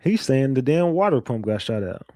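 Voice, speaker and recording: A man's voice: mid-range voice, big pitch swings, normal speed, dark tone, dry recording, studio quality. A man hosting a casual livestream, talking loosely and profanely, repeating himself and reading viewer messages aloud. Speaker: livestream host.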